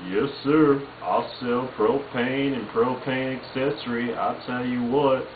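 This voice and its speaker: A man's voice: mid-range voice, fairly even intonation, slow pace, echoey room, narrow, tinny audio, slight background noise, close to an everyday voice. A man voicing an uptight, earnest cartoon propane salesman with a drawl.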